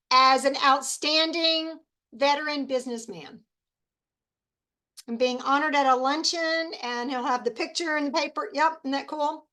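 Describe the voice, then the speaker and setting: A high, bright voice belongs to a chatty older woman hosting a group video call. She talks in a relaxed, playful way and laughs easily. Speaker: host of an online group call. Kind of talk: casual chat.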